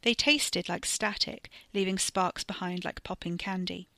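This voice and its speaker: A woman in scripted narration, reading a horror serial in a measured way that slows for tension. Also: on the low side, sharp tone, dry recording. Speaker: podcast storyteller.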